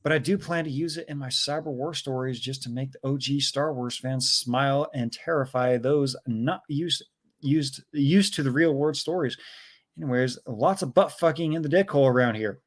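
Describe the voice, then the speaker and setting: A man's voice: medium pitch, moderate pace. A man hosting a casual livestream, reading viewer chat messages aloud and reacting with chuckles. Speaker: livestream host reading chats. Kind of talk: casual live-stream chat.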